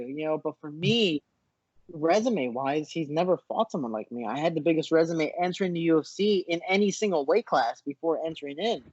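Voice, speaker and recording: A man, a fighter guest in a casual interview, telling animated stories with lots of restarts, over muffled video call audio. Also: a little high, fairly quick, no echo. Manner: animated storyteller, frequent restarts.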